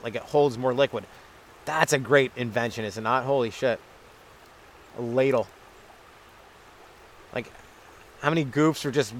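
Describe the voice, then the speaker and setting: A young man hosting a rambling solo comedy podcast, crude and self-deprecating, acting out little voices in his asides. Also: medium pitch. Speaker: stand-up comedian, podcast host. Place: outdoors at a maple syrup camp.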